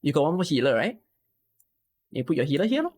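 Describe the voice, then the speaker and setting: A man's voice: fairly high pitch, sing-song, fast, darkish tone. A man, coaching a viewer through a game strategy on a live stream and asking frequent rhetorical questions. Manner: explains patiently with many rhetorical questions.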